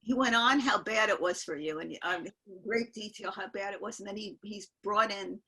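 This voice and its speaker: A woman's voice: mid-range voice, normal speed, bright, forceful tone, breathy edge, poor audio. An older woman telling a rambling personal story to friends on a video call, interrupting herself and laughing as she goes. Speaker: guest storyteller. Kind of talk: casual spoken storytelling.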